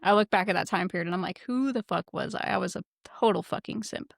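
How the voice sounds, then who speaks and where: Woman co-host with a gravelly voice and dry close sound, profane and animated storyteller. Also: mid-range voice, fast talker, no echo. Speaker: podcast co-host. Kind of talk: casual podcast chat.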